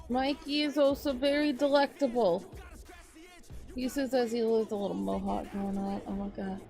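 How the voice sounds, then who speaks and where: A woman's voice: fairly high pitch, steady tone, moderate pace, vocal fry, dark tone, faint music behind. A woman streamer in a casual live chat, playful and teasing, greeting viewers by name and making silly noises. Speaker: VTuber streamer.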